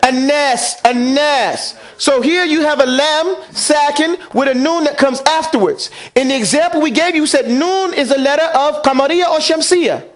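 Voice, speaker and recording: In a Quran recitation lesson, a man questions his students and has them say lines back to him. His very high voice moves at a moderate pace with hardly any pauses.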